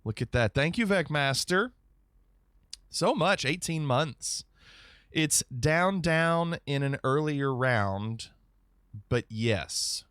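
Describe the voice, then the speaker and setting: Lively guy streamer, slow easygoing talk, reacting to alerts, dry close sound. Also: a little high, clear, resonant tone, no echo. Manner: chatty, animated, reacting to viewer alerts. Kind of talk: casual live-stream chat.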